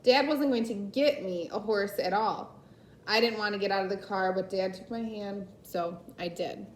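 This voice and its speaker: A woman reading a children's novel aloud, unhurried, with occasional slips and self-corrections. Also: mid-range voice, slight background noise. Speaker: reader. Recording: echoey room.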